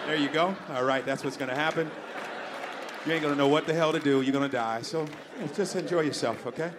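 A man doing a stand-up comedy routine, animated and profane, shouting and laughing in bursts and slipping into high squealing impressions. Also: fast, a loud crowd, heavy background noise. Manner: slips into high-pitched impressions.

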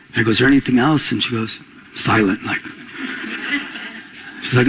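A man's voice: medium pitch, fairly quick, long pauses, fairly bright tone, slight background noise, low-quality recording. A man preaching a sermon, telling stories and calling for responses from the congregation. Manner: call-and-response preaching, rising emphatic. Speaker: pastor.

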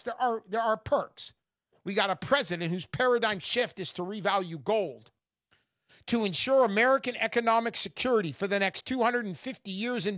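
A woman giving an emphatic, mocking sales pitch, making her case with scorn and punchy asides. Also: a bit bright, no echo, clean studio sound. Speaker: gold investment promoter.

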